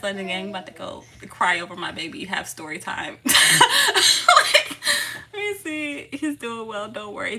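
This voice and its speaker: A woman's voice: mid-range voice, background noise. A woman in her thirties chatting casually on a live stream as a tarot channel host, affectionate and laughing often as she greets viewers. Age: 30s.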